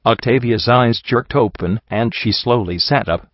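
A man narrating a storybook audiobook in a steady, measured way. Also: medium pitch, dry recording. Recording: dull lo-fi recording.

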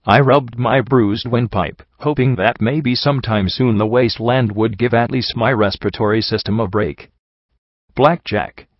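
A man reading a first-person fan fiction story aloud as an audiobook, steady and plain. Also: mid-range voice, moderate pace, few pauses, no echo. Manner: steady, plain narration with light voicing for dialogue. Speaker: audiobook reader. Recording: dull, dry home recording.

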